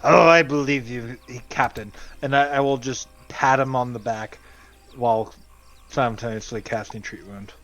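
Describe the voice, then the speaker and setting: A man's voice: mid-range voice, steady tone, normal speed, a bit bright, muffled recording, soft background music. A man playing a tabletop game, speaking for his character in a playful, giggly way. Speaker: player. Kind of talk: tabletop role-play.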